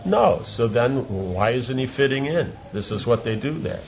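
A man's voice: medium pitch, moderate pace, darkish tone, dull audio, a little hiss or hum. A man giving an informal religious talk as a teacher, rambling, repeating words and asking rhetorical questions. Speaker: spiritual teacher.

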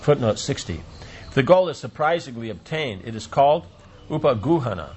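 A man's voice: mid-range voice, very animated, brisk, a little mellow, breathy edge. A man reading a devotional play aloud, with stage directions, footnotes and brief offhand asides. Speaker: reader.

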